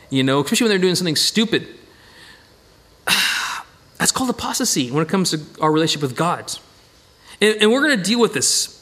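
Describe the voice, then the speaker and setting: Middle-aged male Bible teacher, high lively voice, animated, backtracks and self-corrects. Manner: animated, repeats phrases, self-corrects mid-sentence. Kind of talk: Bible study lesson with slides.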